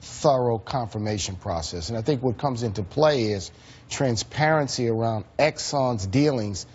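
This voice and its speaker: A man's voice: medium pitch, lively intonation, moderate pace, a little mellow, breathy edge. A man commentating on a news panel, speaking emphatically with frequent hesitations. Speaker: political commentator. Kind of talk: broadcast panel discussion. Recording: dull lo-fi broadcast audio.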